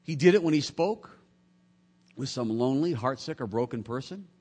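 A man preaching a sermon, swinging between quiet, low passages and loud, high bursts. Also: expressive, moderate pace.

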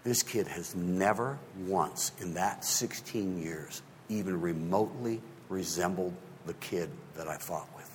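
A man in his fifties, a pastor telling a story in a sermon, swinging between hushed and loud. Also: deep voice, a little slow, hardly any pauses, a little hiss or hum. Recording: long hall reverb.

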